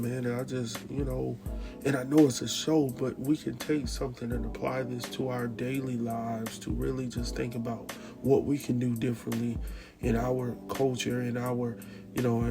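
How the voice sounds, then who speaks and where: A male recap host talks in a gravelly, mid-pitched voice and keeps it animated and slangy. A clear music bed plays under him the whole time. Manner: animated, slangy, laughs often, jumps into quoted voices. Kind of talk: casual TV recap commentary.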